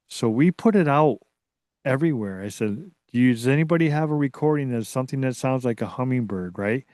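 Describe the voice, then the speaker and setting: A man being interviewed as a researcher, telling a story in a casual, excitable way that rambles and restarts. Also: medium pitch, fairly quick, dry recording, clean studio sound. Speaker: guest, Bigfoot researcher.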